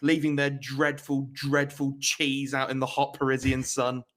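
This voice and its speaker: A man's voice: mid-range voice, completely flat delivery, unhurried, a bit bright. A man co-hosting a casual comedic news podcast, playful and teasing with ironic asides. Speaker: podcast co-host.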